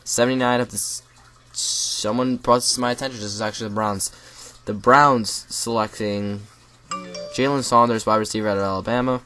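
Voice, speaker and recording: A young man reading out a list of draft picks in casual solo commentary, correcting himself and adding quick asides while he is losing his voice. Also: medium pitch, steady tone, sharp tone, a little hiss or hum. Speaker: mock draft creator.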